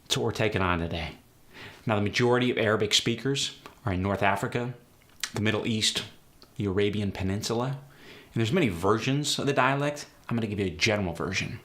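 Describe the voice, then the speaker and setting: A man hosting a tutorial as an accent coach, explaining sounds in a brisk, direct way. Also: on the low side, a bit bright. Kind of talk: instructional tutorial.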